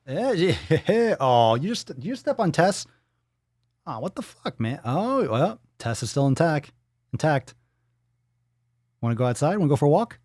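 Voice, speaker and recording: A man's voice: a little high, big pitch swings, unhurried, long pauses, darkish tone, dry recording, studio quality. A man hosting a casual livestream, playful and swearing freely, cooing at his dog in baby talk. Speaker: livestream host.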